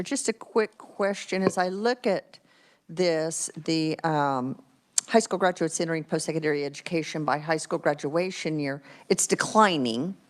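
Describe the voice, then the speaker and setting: Low-voiced woman asking committee questions. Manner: inquisitive, apologetic, thinking aloud. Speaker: legislator, vice chair. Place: legislative committee room.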